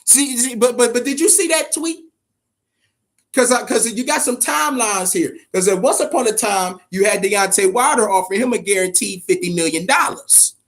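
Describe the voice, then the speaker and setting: A man with a fairly high speaking voice hosts a casual boxing podcast. He talks emphatically and curses freely, often stumbling over repeated words as he gets worked up. Now and then he answers his viewers' comments directly. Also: moderate pace, fairly bright tone. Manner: profane, emphatic, repeats words when fired up; addresses chat viewers directly. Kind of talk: casual live-stream commentary.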